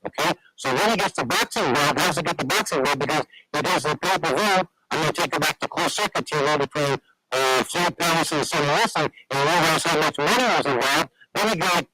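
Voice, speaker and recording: A man's voice: a little high, sharp tone, low-quality recording. A man telling long stories as a guest on a radio talk show, rambling with many restarts.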